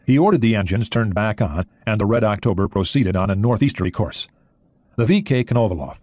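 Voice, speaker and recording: A man reading an audiobook in a steady, expressive way. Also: on the low side, a little fast, no room sound. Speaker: audiobook narrator. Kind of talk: audiobook narration.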